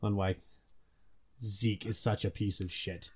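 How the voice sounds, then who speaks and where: A young man co-hosting a gaming podcast in casual chat, animated and swearing often. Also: lowish voice, unhurried. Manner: animated, swears a lot, mocks characters in put-on voices. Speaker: podcast co-host.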